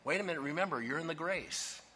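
A man preaching a sermon in a forceful, bright voice that rings through a large hall with a long reverb. He drives his points home with emphasis and keeps asking the congregation to finish his phrases. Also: fairly high pitch, fast talker. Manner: emphatic, asks the congregation to fill in words.

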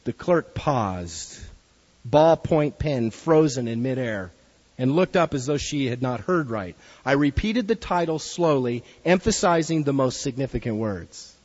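A man's voice: mid-range voice, lively intonation, a little slow, a little mellow, slightly rough, big-room sound, highs cut off. A man preaching a sermon in an earnest way, reading a story aloud to his listeners.

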